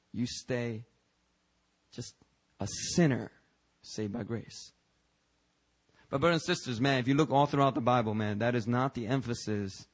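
A man preaching a church sermon in a conversational, emphatic way, with fillers and restarts and swings between loud highs and quiet lows. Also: low-quality recording. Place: church service.

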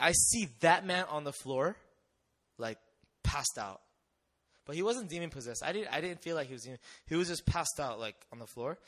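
A young man tells a story from his missionary days in a lively, animated way. He acts out the voices of the people in it and laughs often. His voice sits a bit higher than most men's. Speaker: missionary speaker. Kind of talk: storytelling testimony talk.

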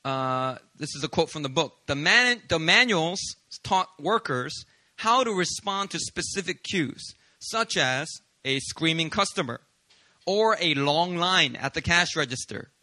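A male pastor preaching a sermon, telling stories about himself with humor in an animated way. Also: on the high side, a little slow, no echo. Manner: animated, confessional storytelling with humor.

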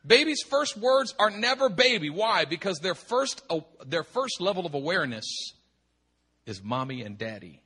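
A middle-aged male pastor preaching a sermon with impassioned emphasis, swinging from hushed tones to shouting and repeating words for effect. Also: sits high, sing-song, normal speed, husky. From United States.

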